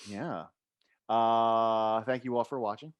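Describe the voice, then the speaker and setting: A man hosting a casual chat about a horror film, telling stories in a relaxed, wry way with acted-out bits. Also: lowish voice, slow, clean tone. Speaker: host.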